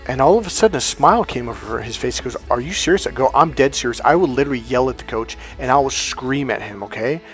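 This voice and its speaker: A man telling a personal story as a motivational coach, animated and swearing freely, acting out quoted dialogue loudly. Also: mid-range voice, fast talker, few pauses, soft background music. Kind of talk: casual storytelling monologue.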